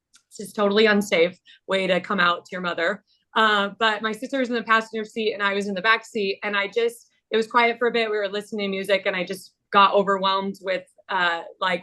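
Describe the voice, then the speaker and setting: A woman in her thirties sharing a personal story as a webinar panelist, candid and halting with many fillers. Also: mid-range voice, pushed and bright.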